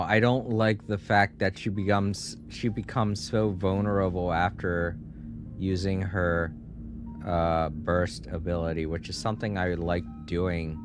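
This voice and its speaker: A man from the northern United States chatting casually as he plays a video game on stream, laughing to himself and easily surprised. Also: low-pitched. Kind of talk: casual gameplay commentary.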